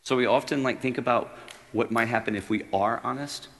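A man's voice: mid-range voice, fairly quick, gravelly, in a large hall. A man giving an earnest, reflective sermon at a retreat, reading a story aloud. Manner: earnest, reflective, growing quiet and intimate. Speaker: retreat speaker. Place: room at a retreat.

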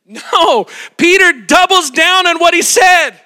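A man preaching a sermon, retelling a story with animated, dramatic flair. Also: extremely high pitch, normal speed, hardly any pauses.

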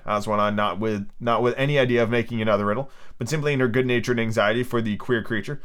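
A man's voice: medium pitch, fairly even intonation, quick pace, fairly bright tone, clean tone. A tipsy man hosting a podcast, reading a book aloud in a casual, stumbling way with restarts. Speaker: podcast host.

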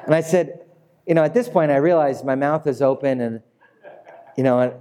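A male pastor in middle age preaches with a mellow, relaxed tone. He tells his story in a lively way and acts out the people in it as he goes. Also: mid-range voice, normal speed, a little hiss or hum. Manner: animated storyteller acting out quoted voices. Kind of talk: sermon with storytelling.

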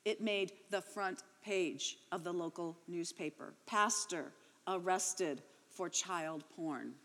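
A woman's voice: on the low side, slow pace, fairly bright tone, in a large hall. A woman in her fifties giving an emotional spoken testimony, her voice rising and breaking as she tells it. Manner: reads her daughter's account, then tells her own, voice rising and breaking with emotion.

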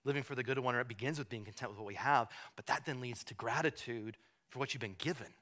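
A male pastor preaching a sermon, moving from hushed, slow emphasis to loud, high-pitched fervor, often repeating words as he restarts.

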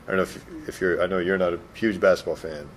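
A man hosting a casual podcast chat, laid-back and quick to laugh. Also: sits low, fairly even intonation, slight background noise. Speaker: podcast host.

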